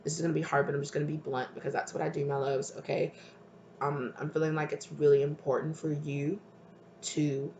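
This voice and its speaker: A tarot reader doing an intuitive reading for viewers, talking tenderly and hesitantly and sometimes dropping to a breathy near-whisper. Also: medium pitch. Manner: soft, tender, hesitant, calls listeners "my love". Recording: roomy with faint ambient noise.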